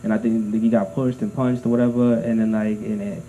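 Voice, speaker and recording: A man in a casual chat with friends, rushing his opinions out with lots of fillers. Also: lowish voice, little pitch movement, a crowd in the background. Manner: rapid talk with many fillers. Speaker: podcast co-host.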